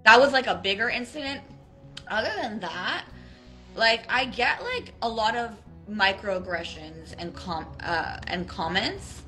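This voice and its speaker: Guest: woman from Israel, bright forceful voice, lively storyteller, casual chat. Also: medium pitch, measured pace, soft background music, poor audio. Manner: animated storyteller with many likes. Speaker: interview guest. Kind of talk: casual video-call chat.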